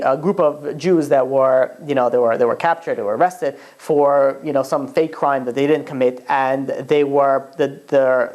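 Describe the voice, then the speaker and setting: A low-pitched woman tells a story in a religious talk. She keeps stopping and restarting her sentences and leans on "you know" as she goes. Her phrasing carries bits of Yiddish-flavored slang. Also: a little mellow. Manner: halting, full of restarts and "you know" fillers.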